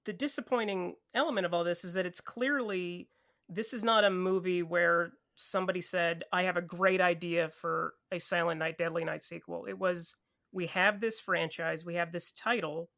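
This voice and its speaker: A man serving as a podcast juror, talking through a film in a wry, measured way. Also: high voice, steady tone, creaky, pushed and bright. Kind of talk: casual film discussion.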